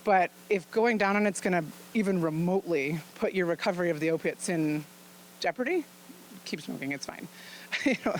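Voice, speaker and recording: A woman's voice: fairly low pitch, expressive, normal speed, slight background noise, low-quality recording. A woman physician giving an informal talk to an audience. She speaks frankly and chattily and laughs often as she explains things. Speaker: physician presenting at a luncheon.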